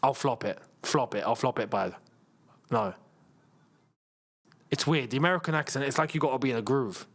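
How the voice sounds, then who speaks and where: A man hosting a live football watchalong, chatty and excitable and laughing often. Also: medium pitch, moderate pace, pauses often. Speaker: host.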